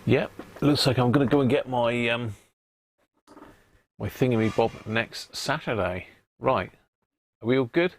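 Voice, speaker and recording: A man's voice: medium pitch, measured pace, pauses often. A jovial man hosting a casual live stream, chatting and laughing with his viewers. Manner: jovial, laughing banter with chat. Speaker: live-stream host restoring a vintage radio.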